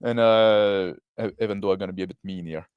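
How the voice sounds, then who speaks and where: Man, casual reaction commentary, rambling, lots of fillers, fairly low voice, dry recording. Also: fairly even intonation, fairly quick, clear, resonant tone, no echo, lo-fi sound. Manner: rambling, many fillers and tag questions. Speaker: co-host reacting to a video.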